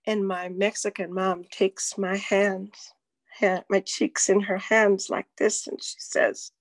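An older woman telling a personal story in a slow, deliberate way, dropping to a whisper at tense moments. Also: medium pitch, little pitch movement, dry recording. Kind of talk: personal story told to an audience.

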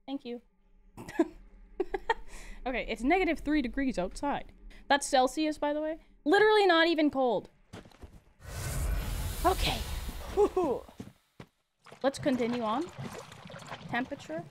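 A woman's voice: sits high, lively intonation, unhurried, pauses often, a little hiss or hum. A woman streaming a video game, chatting casually with her chat and laughing often. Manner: giggly and chatty, answering chat. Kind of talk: casual live-stream gameplay commentary.

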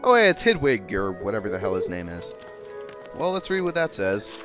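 A man's voice: fairly low pitch, very animated, a little fast, over music. A man with a South Jersey accent, giving chatty, sarcastic commentary while playing a video game. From South Jersey, USA. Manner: chatty, sarcastic, swears casually. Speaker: let's play gamer. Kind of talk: casual gameplay commentary.

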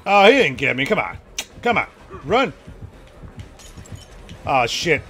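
A man streaming a horror game, reacting excitably with lots of laughter and panicked yelps. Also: a little high, slow. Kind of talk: reacting to gameplay.

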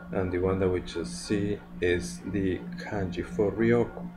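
A man giving a language lesson, slow and explanatory, with frequent fillers. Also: deep voice, fairly even intonation, music in the background. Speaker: language teacher.

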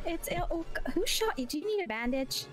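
A woman's voice: sits high, lively intonation, fast, faint music behind. A woman voicing a nervous, easily flustered young woman in an improvised game roleplay, apologizing often and giggling.

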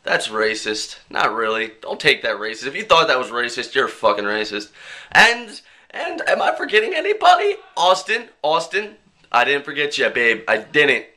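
A young man talking to his webcam in a casual vlog, joking and swearing as he rants and mimics people in quick bits. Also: mid-range voice, animated, pushed and bright. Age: young adult. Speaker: vlogger.

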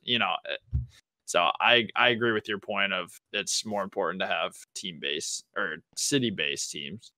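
A man's voice: fairly low pitch, normal speed, sharp tone, clear, resonant tone, no room sound. A man co-hosting an esports podcast, chatting casually in a hesitant, agreeable way with stammered starts.

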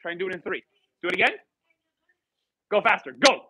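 A male salsa instructor leads a live class, counting the beats and calling out moves as the dancers go. He mixes Spanish and English cues, and his voice is fairly high and very bright. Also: expressive, brisk, husky, no room sound, rough recording.

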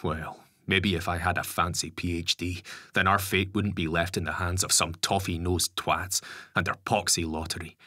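A man's voice: deep voice, flat delivery, moderate pace, bright, forceful tone, no echo, studio quality. A man voicing a blunt, sardonic ex-convict father in an audiobook. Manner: gruff, swears casually. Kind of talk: audiobook character voice.

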